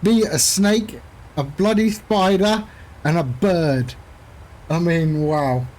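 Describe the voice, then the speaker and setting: A man's voice: fairly high pitch, slow, a little mellow. A man streaming a flight simulator, chatting casually and rambling with jokey asides to his viewers. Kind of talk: casual chat while flying a sim.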